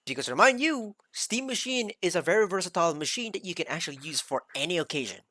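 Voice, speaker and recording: A man's voice: sits high, expressive, fast, pushed and bright, dry recording. A man streaming, giving a heated, rambling rant full of swearing while reacting to a video. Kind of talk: ranting reaction commentary.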